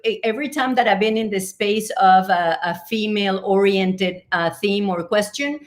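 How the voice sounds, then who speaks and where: A woman's voice: mid-range voice, normal speed. A woman who is a business coach, speaking as an interview guest, earnest and encouraging, hesitating with frequent fillers. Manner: warm, earnest, hesitant with fillers, laughs often.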